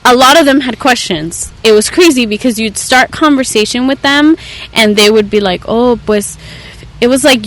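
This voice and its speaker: A woman's voice: normal speed, fairly bright tone, poor audio. A young woman from Southern California, a therapist and podcast guest, telling an earnest story in casual conversation. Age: young adult. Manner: earnest storytelling, acts out quoted voices with raised pitch.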